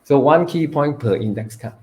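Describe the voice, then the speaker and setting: A man, training students in public speaking, who swings between loud emphasis and hushed delivery and stretches words for effect. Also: mid-range voice, lively intonation, normal speed. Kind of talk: live training talk.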